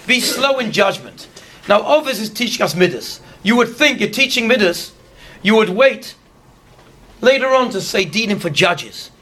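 A man teaching a Torah class in an explanatory storytelling manner, slowing down on the key lessons. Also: sits high, pushed and bright.

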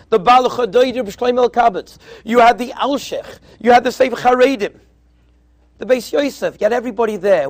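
A rabbi speaks to yeshiva students in an extremely high-pitched voice, with no room sound. His sermon is storytelling, with quoted dialogue acted out and Hebrew and Yiddish terms woven in.

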